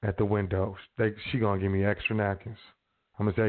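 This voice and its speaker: A man talks in a loose, slangy way, rambling through casual advice as the host of his own show. His voice sits a little low. The sound is thin and boxy, like a phone line. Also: little pitch movement, a little fast. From South Side of Chicago.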